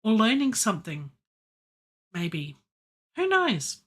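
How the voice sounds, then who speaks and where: Slow, playful woman talking to herself. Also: mid-range voice, huge pitch swings. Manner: playful, chatty, talks to herself. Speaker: home studio musician livestreaming. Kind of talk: casual live-stream self-talk while producing music.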